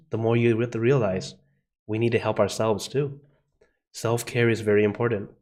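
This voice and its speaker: Meditation host, male, mid-pitched; easygoing welcome with light laughs, then slow, soft breathing guidance. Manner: friendly, laughs softly between greetings. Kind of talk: live-streamed guided meditation. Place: outdoor meditation garden. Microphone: video call.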